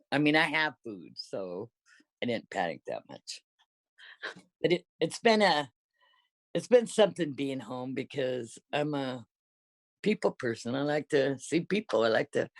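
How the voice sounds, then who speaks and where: Her voice is extremely low in pitch. This older woman tells rambling stories from her past in conversation, often correcting herself partway through a sentence, and the recording carries no room sound.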